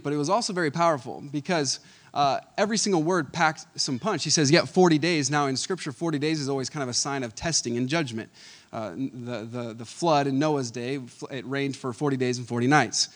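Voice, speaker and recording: Lively pastor, slightly high male voice. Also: fairly quick. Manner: animated, chuckles often, varies between loud emphasis and quiet asides. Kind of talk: conversational Sunday sermon.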